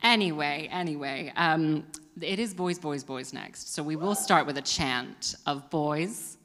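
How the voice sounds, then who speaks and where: Woman, stand-up comedy host, rambling, self-mocking, bright forceful voice, long reverb. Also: low-pitched, unhurried. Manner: rambling, self-mocking, laughs at own jokes. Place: performance venue with live audience.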